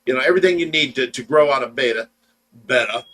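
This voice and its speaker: A man's voice: mid-range voice, fast talker, pushed and bright, a little hiss or hum, rough recording. A middle-aged man co-hosting a casual livestream, easygoing and teasing as he reads out viewer comments. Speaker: livestream co-host.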